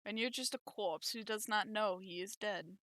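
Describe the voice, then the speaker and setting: A woman's voice: mid-range voice, moderate pace, fairly bright tone, no echo, close to an everyday voice. A woman reading aloud as a cruel, mocking male villain general who rides a dragon. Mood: taunting. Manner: mocking, taunting.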